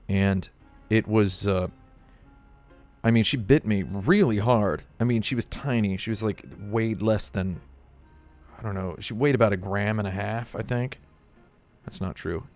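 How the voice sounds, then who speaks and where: A man's voice: fairly low pitch, darkish tone. A man streaming live, chatting casually and rambling with jokey asides to his chat.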